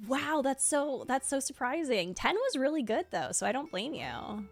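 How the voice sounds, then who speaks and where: A woman's voice: high-pitched, lively intonation, moderate pace, vocal fry, pauses often, no echo. A woman streaming a video game, chatting casually and gushing, with lots of "like" fillers. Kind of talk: casual live-stream chat. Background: faint game music.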